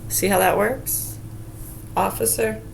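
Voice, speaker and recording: A woman's voice: medium pitch, moderate pace, vocal fry, fairly bright tone, slight background noise. A middle-aged woman vlogging in a casual, sarcastic rant full of swearing. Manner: profane, sarcastic, heated. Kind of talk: casual ranting monologue.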